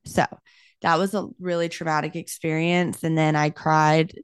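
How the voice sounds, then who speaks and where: A young woman, a realtor hosting her own podcast, telling a story in an animated, casual way and saying "like" a lot. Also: low-pitched, moderate pace, clear, resonant tone, no echo, studio quality. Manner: animated, talks with her hands, heavy use of "like".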